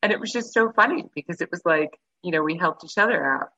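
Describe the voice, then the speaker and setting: A woman with a bright, forceful but husky voice recounts a personal story in a relaxed interview, pitched a little low. She is animated and slips into the voices of the people she describes. The recording sounds dull and lo-fi. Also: fast. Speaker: guest. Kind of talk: casual conversational storytelling.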